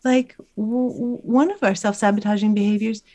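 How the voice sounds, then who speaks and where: A woman's voice: medium pitch, fairly even intonation, moderate pace, dark tone. A woman who is a guest author and meditation teacher, telling stories in a conversational interview and laughing often.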